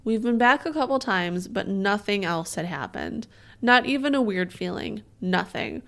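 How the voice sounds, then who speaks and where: A woman's voice: mid-range voice, expressive, normal speed, creaky, a bit bright. Playful woman co-hosting a podcast. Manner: playful, giggly, reads letters aloud with asides. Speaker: podcast co-host. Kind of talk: casual podcast chat and reading listener mail.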